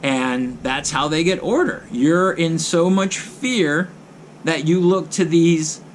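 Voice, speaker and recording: Brief: a male vlogger on a blunt, repetitive rant, voice on the higher side. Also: slow pace, a little hiss or hum. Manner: blunt, mocking, emphatic with repeated phrases. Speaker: vlogger host. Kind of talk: ranting commentary to camera.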